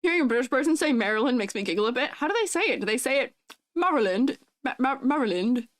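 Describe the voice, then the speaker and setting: Giggly streamer woman with lively pitch. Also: rapid-fire, no echo. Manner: giggly, bubbly, reads chat aloud. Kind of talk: casual livestream chat.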